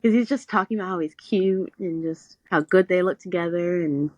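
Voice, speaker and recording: A woman's voice: fairly low pitch, moderate pace, dry recording, rough recording. A young woman co-hosting a podcast, recapping a book in casual chat and acting out what the characters say. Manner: animated storytelling, quotes characters in little voices. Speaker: podcast co-host.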